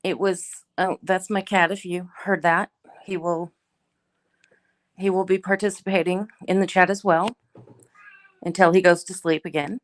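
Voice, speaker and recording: A woman's voice: lowish voice, steady tone, moderate pace, long pauses. A middle-aged woman hosting a casual live chat, greeting viewers by name and chatting in a laid-back way. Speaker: livestream host.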